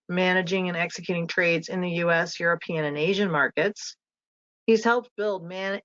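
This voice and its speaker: A woman's voice: on the low side, fairly bright tone, dry recording. Chatty woman hosting a web call. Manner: chatty, reads introductions with small asides. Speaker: webinar host. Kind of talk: live webinar hosting. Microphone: video call. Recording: muffled lo-fi web call audio.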